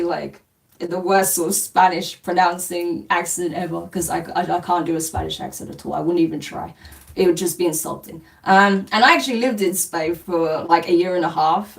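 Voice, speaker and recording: Woman streamer, low-ish tone, blunt and sweary, reading viewer comments; mic a bit far off, faint noise behind. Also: fairly even intonation, normal speed, vocal fry. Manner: blunt and dismissive, swears casually, laughs often. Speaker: spiritual reader hosting a live stream. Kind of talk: casual live-stream chat answering comments.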